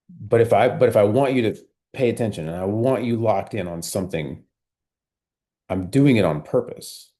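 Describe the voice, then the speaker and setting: Male sales trainer with a low, dark, gravelly voice; calm, metronome-steady coaching over a video call. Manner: measured, steady pace with frequent "right?" and "like".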